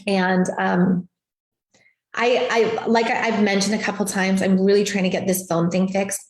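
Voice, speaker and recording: A woman speaks on a live stream as a motivational coach, leaning hard on repetition and emphasis. Her voice sits at an ordinary middle pitch for a woman. The sound rings with the echo of the room she is in. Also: fairly even intonation, normal speed, a little hiss or hum. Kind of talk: motivational livestream talk. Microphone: video call setup.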